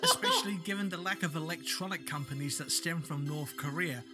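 A man co-hosting a comedy podcast, giggly and exasperated in quick banter. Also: fairly high pitch, over music. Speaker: podcast co-host and narrator. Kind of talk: casual comedy podcast chat.

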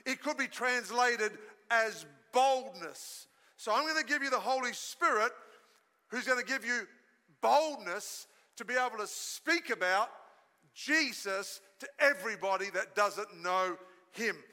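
A man's voice: very high voice, a little slow. A man preaching a sermon as pastor at a live church service, telling stories energetically and calling on the congregation to join in. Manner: storytelling, energetic preaching with audience call-and-response. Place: church hall. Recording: live sermon in a reverberant hall.

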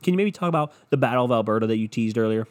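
A man's voice: mid-range voice, animated, rapid-fire. A young man hosting a podcast alone, sick and tired, ranting with sarcasm and a lot of swearing as he jumps between topics. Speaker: podcast host. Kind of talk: casual solo podcast rant.

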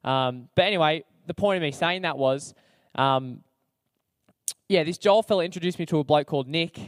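A man's voice: a little high, normal speed, no room sound. Chatty young Australian man, dry close sound. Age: young adult. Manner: chatty, slangy, self-deprecating, many fillers. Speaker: speaker sharing his testimony. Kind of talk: casual storytelling to an audience.

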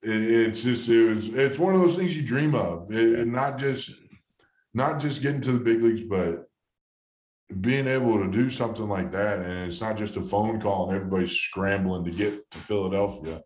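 In a casual interview, this guest, a thirty-something ex-ballplayer, recounts a career story in a heartfelt, meandering way, restarting often. The voice is fairly low and a little mellow at a moderate pace, heard in an echoey room.

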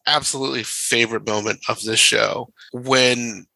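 A man's voice: medium pitch, steady tone, moderate pace, vocal fry, pushed and bright, no echo, low-quality recording. A man co-hosting a podcast in a casual chat, who laughs easily and repeats words as he restarts his sentences. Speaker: podcast co-host.

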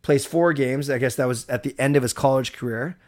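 A man hosts a live stream in a loose, rambling way, chatting straight to his viewers and thanking them. His voice sits at an ordinary middle pitch. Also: brisk. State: recovered from a cold. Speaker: livestream host. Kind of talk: casual live-stream chat.

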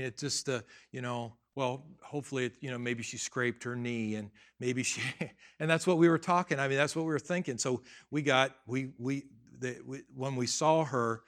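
A middle-aged man preaches in a loose, conversational way. His voice is bright and forward. He drops to quiet asides, then climbs into loud, emphatic bursts. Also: mid-range voice. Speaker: pastor. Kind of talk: sermon with personal story.

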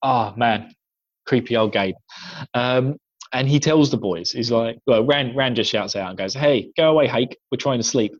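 A man's voice: medium pitch, moderate pace, no room sound, dull audio. An English man co-hosting a podcast, chatting casually through a book recap, laughing often and slipping into voices for the scenes. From England. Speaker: podcast co-host.

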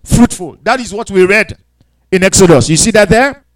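Very high-voiced male preacher. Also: lively intonation, moderate pace, poor audio. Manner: preaching, reading scripture aloud with interjections of hallelujah; asks the congregation questions, repeats phrases. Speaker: pastor. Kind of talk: sermon.

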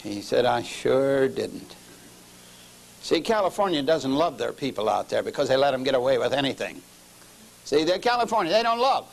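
A man's voice: medium pitch, big pitch swings, fairly quick, creaky, low-quality recording. Older man preaching with emphatic repetition. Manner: emphatic, repeats key phrases, addresses audience as friends. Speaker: lecturer and lay preacher. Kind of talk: sermon-style lecture with storytelling.

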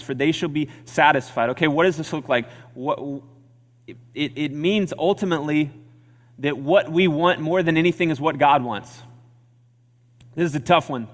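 Earnest man preaching in a reverberant hall. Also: mid-range voice. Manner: earnest, conversational preaching with repeated phrases. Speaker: pastor. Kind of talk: sermon.

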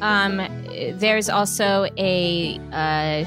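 A woman player in a tabletop game, describing her character's home haltingly and searching for words. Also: medium pitch, music in the background. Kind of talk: tabletop role-play chat.

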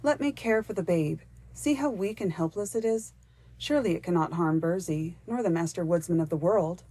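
A woman's voice: lowish voice, normal speed, mellow, breathy edge, no echo. A woman voicing an earnest pleading wood nymph. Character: young female wood nymph, tender and defiant.

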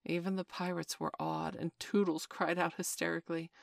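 A woman reading a children's classic aloud in a measured, expressive storytelling manner. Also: on the low side, gravelly, no echo, studio quality. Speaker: narrator. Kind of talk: audiobook narration.

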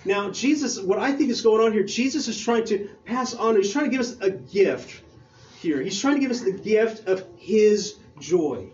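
A man preaching a casual, excited sermon, talking with slang and restarting his phrases as he reads scripture. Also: high voice, moderate pace, highs cut off, slight background noise.

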